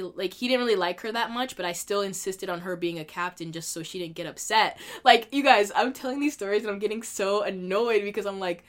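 A woman in her twenties hosting a podcast, talking candidly and emotionally in a casual monologue, filling her speech with "like" and swearing freely. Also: mid-range voice. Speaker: podcast host.

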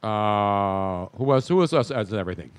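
A man's voice: lowish voice, normal speed, smooth, no room sound. A man hosting a casual sports talk show, emphatic and jokey. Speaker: host.

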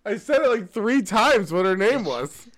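Man, podcast co-host, sarcastic, animated pitch, casual banter. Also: moderate pace, a crowd in the background. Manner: sarcastic, mocking voices, laughs often. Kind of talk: casual chat watching wrestling.

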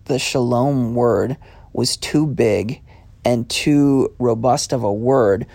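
A man's voice: mid-range voice, gravelly, darkish tone, dry recording. A man hosting his own podcast, giving a casual devotional talk in an earnest, conversational way. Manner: earnest, conversational, with quick runs of questions. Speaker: podcast host.

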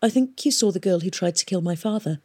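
A woman's voice: lowish voice, expressive, fast, warm tone, breathy edge. A woman voicing an anxious, earnest teenage girl who pleads and protests. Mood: pleading. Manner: pleading, indignant.

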